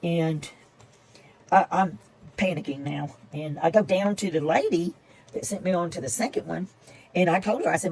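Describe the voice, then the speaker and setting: An older woman spins a chatty, meandering story at her craft table. Her voice sits low and carries a gravelly fry. A soft hiss runs under the recording. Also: moderate pace, long pauses, low-quality recording. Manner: rambling, chatty, repeats herself. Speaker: paper-craft vlogger. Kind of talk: casual storytelling while crafting.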